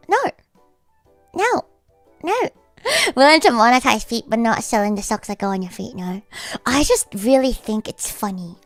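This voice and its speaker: A woman livestreaming in casual chat, rambling with lots of fillers and breaking into high-pitched laughter. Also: fairly bright tone, no room sound. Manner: rambling, heavy use of "like".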